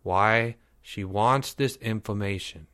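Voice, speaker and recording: A man's voice: on the low side, takes it slowly, bright, forceful tone, smooth. A man reading a story aloud, voicing a fifth-grade boy who whines, sobs and begs. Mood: whiny pleading. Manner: whining, pleading, blubbering.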